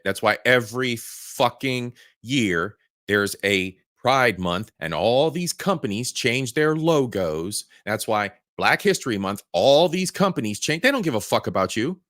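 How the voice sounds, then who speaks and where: A man's voice: fairly low pitch, sing-song, moderate pace, few pauses, a bit bright, no room sound, clean studio sound. A man hosting a reaction video, ranting angrily with heavy profanity. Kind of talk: angry ranting commentary.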